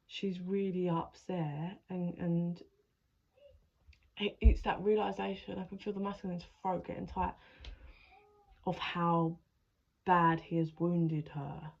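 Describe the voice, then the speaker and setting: A woman's voice: lowish voice, fairly even intonation, takes it slowly, gravelly, pauses often, darkish tone, lo-fi sound. A woman giving a channeled tarot reading in a rambling, emotional way, swearing freely as she narrates. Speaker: spiritual adviser, tarot reader.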